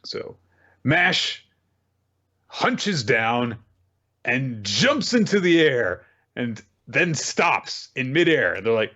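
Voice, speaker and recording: Animated man with a slightly dull recording. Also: mid-range voice, very slow, long pauses. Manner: animated storytelling, acts out characters. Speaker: podcast host recapping manga. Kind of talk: casual chat.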